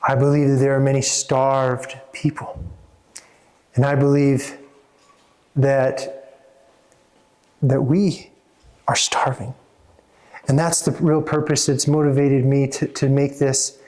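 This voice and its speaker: A man's voice: mid-range voice, level tone, takes it slowly, pauses often, a little mellow. Earnest man talking with many restarts. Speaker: therapist and coach. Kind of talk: talk to a small audience.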